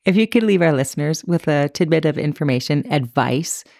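Brief: woman podcast host, very low voice, effusive and enthusiastic. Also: expressive, fairly quick, creaky, a little mellow, no echo, clean studio sound. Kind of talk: interview questions and comments.

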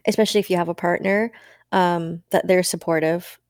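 A woman's voice: on the low side, steady tone, a little fast, no room sound, clean studio sound. A woman hosting a podcast, chatting casually, reacting openly and swearing freely. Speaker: podcast host. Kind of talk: casual conversation.

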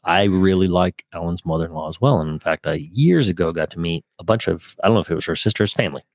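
A man's voice: deep voice, fast, no room sound, studio quality. A man co-hosting a casual faith podcast, telling stories with acted-out quotes and easy laughter. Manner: animated storyteller, acts out quotes, laughs easily. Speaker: podcast co-host.

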